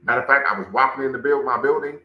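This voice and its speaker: Speaking very fast in a medium-pitched voice, this livestream host and cultural center director comments and chats with viewers, repeating phrases for emphasis. The recording is reverberant and muffled.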